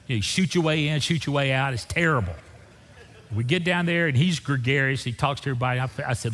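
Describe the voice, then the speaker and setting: A pastor telling a personal story in a sermon, acting out the dialogue with lively storytelling. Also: male voice, mid-range voice, a little fast, big-room sound.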